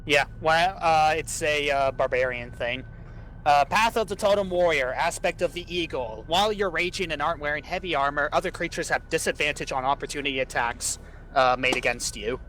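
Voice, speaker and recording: Hesitant bright-voiced male player. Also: fairly high pitch, fairly quick, a little hiss or hum, poor audio. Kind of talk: casual tabletop game chat.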